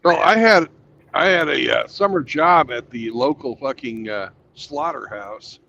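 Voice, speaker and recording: A man talks in a casual podcast chat, blunt and swearing freely. His voice sits in a middle pitch. It comes through a dull, lo-fi line with a faint hiss behind it. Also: animated, unhurried, creaky, sharp tone.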